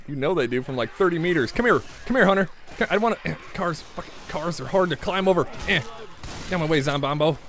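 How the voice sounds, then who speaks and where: A young man with a slightly higher voice talks his way through a shooter match in loose, joking commentary. He rambles, mutters to himself and keeps up a running patter while he plays. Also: no room sound. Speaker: gaming YouTuber. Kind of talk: casual gameplay commentary.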